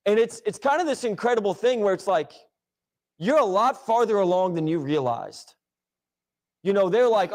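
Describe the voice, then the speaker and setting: Chatty higher-voiced man leading Bible class. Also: moderate pace, darkish tone. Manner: conversational, rambling with fillers and restarts. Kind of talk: casual Bible class discussion. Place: church classroom.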